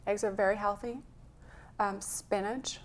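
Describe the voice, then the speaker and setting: A woman's voice: mid-range voice, fairly even intonation, a little slow, a little hiss or hum. Earnest woman telling a story. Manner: earnest, storytelling, a little emotional. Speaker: health coach guest. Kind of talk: conversational interview.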